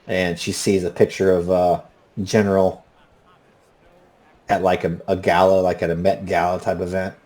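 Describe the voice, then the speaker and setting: Male GM, relaxed, lowish voice. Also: moderate pace, long pauses. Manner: relaxed, many fillers. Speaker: game master. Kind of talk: narrating a tabletop game.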